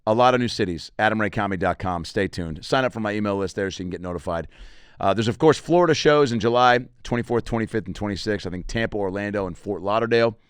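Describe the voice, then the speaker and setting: A comedian hosting his own podcast, a man with a low, smooth, resonant voice. He rambles casually, drifting into crude jokes between plugs for his shows. The sound is dry and close, with no room echo. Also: fast talker. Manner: rambling and crude, with self-promotion and jokey asides.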